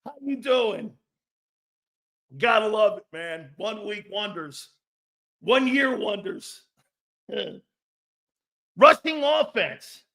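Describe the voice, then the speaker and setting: Brash, swearing sports show host. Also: male voice, very high voice. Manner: brash, profane, loud outbursts and mocking asides. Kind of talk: live-stream sports talk, reading chat comments.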